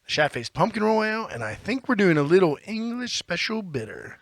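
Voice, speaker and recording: A man jokes around on a casual podcast in a playful, upbeat way. His voice sits a little high and has a bright, forward edge. The sound is dry and close to the mic. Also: sing-song, a little fast, dry recording. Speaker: podcast co-host.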